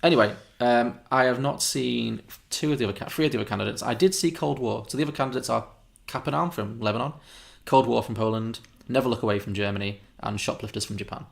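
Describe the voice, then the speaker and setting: A man's voice: medium pitch, fast talker, gravelly, few pauses. A man co-hosting a film podcast, chatting casually and rambling with frequent self-corrections and chuckles. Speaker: podcast co-host.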